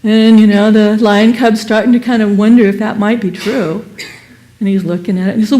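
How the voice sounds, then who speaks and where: A woman giving a Sunday service sermon and telling a parable in an animated, expressive way. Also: mid-range voice, fairly quick. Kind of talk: sermon with storytelling.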